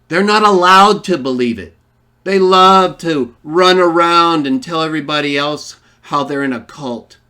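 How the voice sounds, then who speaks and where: A man's voice: a little high, pushed and bright. A man giving a polemical Bible lesson, arguing emphatically and posing rhetorical questions to his listeners. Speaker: online Bible teacher.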